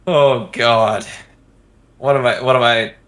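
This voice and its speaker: A man's voice: mid-range voice, steady tone, slow pace, background noise. A man playing a tabletop game, improvising rhymes playfully and laughing often. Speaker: player. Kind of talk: casual tabletop play.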